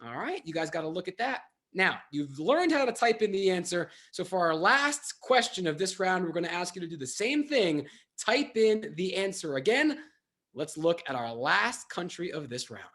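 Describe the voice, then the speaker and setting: Man, trivia game host, high voice, bouncy animated delivery, playful and joking. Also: normal speed. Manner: upbeat, playful, self-mocking jokes. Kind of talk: hosting an online trivia game.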